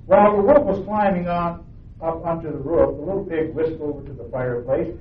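An earnest preacher reads a children's story aloud and presses his points with emphasis. His voice sits slightly high. The recording is echoey and phone-thin, with a faint rumble behind it. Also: fairly even intonation, a little fast. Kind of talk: sermon with storybook reading. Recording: echoey, tinny, from far off.

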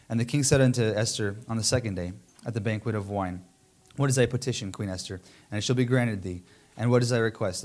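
Male preacher, lowish voice, reads scripture then paraphrases it loosely with fillers. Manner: frequent fillers, restarts. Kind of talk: Bible reading and retelling.

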